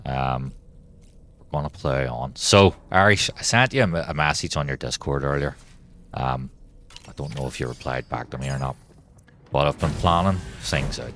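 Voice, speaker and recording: A man's voice: rumbling low, moderate pace, fairly bright tone, slight background noise. A man chatting casually on a live game stream, rambling and swearing freely while he talks to his chat.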